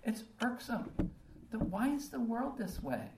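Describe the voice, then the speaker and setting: A woman's voice: on the high side, big pitch swings, measured pace, a little mellow, a little hiss or hum. A woman preaching a sermon, earnest and full of rhetorical questions, with frequent um fillers. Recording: roomy echo from a distant mic, faint ambience.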